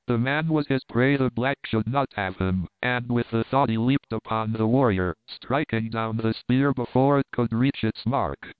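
Male audiobook reader, smooth clear voice, tinny phone-like sound, dry. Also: mid-range voice, no echo. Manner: steady, measured reading. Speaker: audiobook narrator. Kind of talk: scripted narration.

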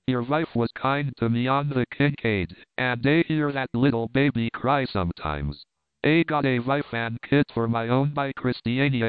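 A man voicing a dying, honest Swedish sailor who speaks broken English in a low, weak voice. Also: clear, resonant tone, no echo, lightly acted. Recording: tinny phone-like, dry.

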